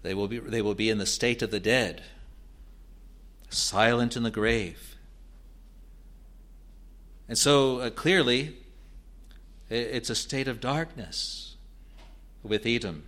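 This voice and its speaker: A man preaching an expository sermon in a deliberate, earnest way, building to emphatic rises. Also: mid-range voice, a bit bright.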